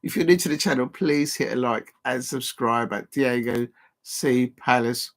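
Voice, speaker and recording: This middle-aged football watch-along host has a mid-range voice at a normal pace. Excitable and chatty, he reacts live to the match, reads out chat messages and speaks directly to the people watching.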